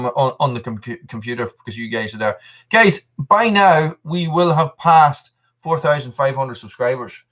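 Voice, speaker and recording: A man's voice: medium pitch, a bit bright. Chatty man rambling on a live stream. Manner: rambling and chatty, reading out viewer messages. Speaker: channel host. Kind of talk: casual live-stream chat. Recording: dull lo-fi stream audio.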